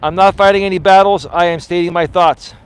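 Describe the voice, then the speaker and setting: A man talking on a live stream as he walks down an outdoor city street, his voice high for a man. He speaks with passion and emphasis and pushes back hard on his viewers' comments. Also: fairly even intonation, a little fast, clear, resonant tone, no room sound. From Greek heritage. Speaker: life coach live streamer. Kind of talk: walking live stream, reading chat aloud. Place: outdoors on an urban street, walking.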